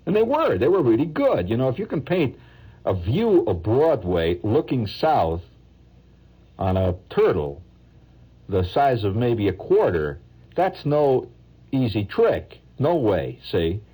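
A man's voice: on the low side, big pitch swings, slow, dark tone, slightly rough, low-quality recording. A man telling a rambling, wry story in a casual way, full of asides. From New York.

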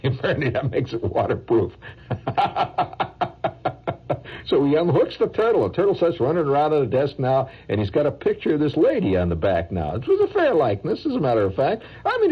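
Deep-voiced wry New storyteller man. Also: warm tone, husky, poor audio. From New York. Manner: wry, rambling, digressive, asides like "see?". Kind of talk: casual spoken storytelling.

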